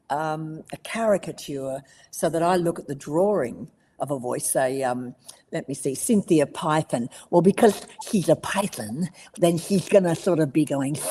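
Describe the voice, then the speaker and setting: An older Australian woman in her seventies, chatting as a guest in an interview. Her voice sits low, and she tells her stories with lively energy and frequent laughter. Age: 70s. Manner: lively storyteller, laughs often. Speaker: voice actress guest. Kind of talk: casual interview chat.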